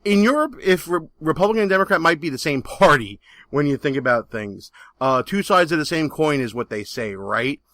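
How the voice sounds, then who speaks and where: A man's voice: on the high side, lively intonation, fairly quick, fairly bright tone, no room sound. Brash Brooklyn-accented male radio host. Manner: brash, jokey, plugs the show. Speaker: radio talk show host. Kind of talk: political radio talk.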